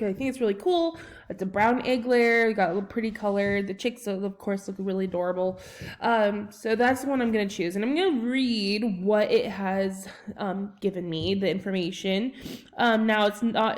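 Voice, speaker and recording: A woman's voice: mid-range voice, a little mellow. A young adult woman teacher, casually talking students through an assignment with a chatty, rambling manner, full of ums and self-corrections. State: has the hiccups. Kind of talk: casual screen-recorded lesson walkthrough.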